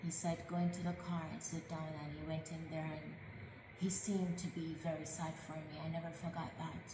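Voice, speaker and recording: Brief: woman narrator, lowish voice, personal life story told earnestly, echoey reverberant room. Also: little pitch movement, normal speed, noisy background. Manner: earnest, emotional, reflective.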